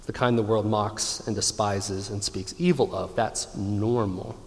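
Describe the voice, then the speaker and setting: A man's voice: fairly low pitch, fairly even intonation, darkish tone. Preaching man in a reverberant hall. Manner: emphatic preaching, slowing down to stress key lines. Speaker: pastor. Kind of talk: sermon.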